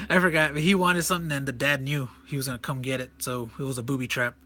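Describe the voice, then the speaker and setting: A man's voice: mid-range voice, fairly even intonation, a little fast, bright, forceful tone. A man casually walking through a comic, enthusiastic and rambling, often correcting himself. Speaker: comic reviewer.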